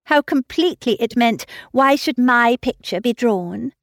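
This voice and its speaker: A woman voicing a lively, self-assured young lady, bright and animated in tone. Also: a little high, unhurried, dry recording, studio quality, voice pushed up. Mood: confiding. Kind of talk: audiobook character reading.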